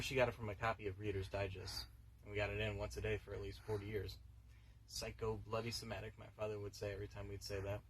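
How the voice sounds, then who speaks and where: A man's voice: fairly low pitch, a little hiss or hum, rough recording. An older man, rambling wryly to a stranger on a bus in a dry comic monologue. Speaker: bus passenger.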